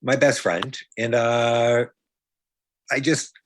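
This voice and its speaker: Guesting on a podcast, a comedian-magician from Brighton in Rochester, New York, chats casually in a jokey, rambling way with frequent restarts and playful asides. His mid-range voice is flat and slow, with slight hiss or hum.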